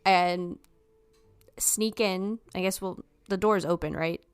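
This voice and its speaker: A woman playing a tabletop game, describing her character's moves in a deliberate way. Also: fairly low pitch, fairly even intonation, smooth, no room sound. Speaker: player. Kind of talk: tabletop game play, casual.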